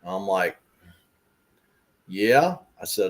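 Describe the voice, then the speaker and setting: A man's voice: lowish voice, a little slow. Laid-back man hosting a livestream. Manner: relaxed, chatty, agreeable. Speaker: host. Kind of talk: casual chat. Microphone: livestream call.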